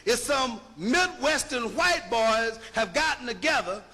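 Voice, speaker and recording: A man's voice: very high-pitched, expressive, a little slow, pushed and bright. A man giving an emphatic, rhetorical lecture, punching his points and checking that listeners follow. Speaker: linguistics lecturer. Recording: long hall reverb.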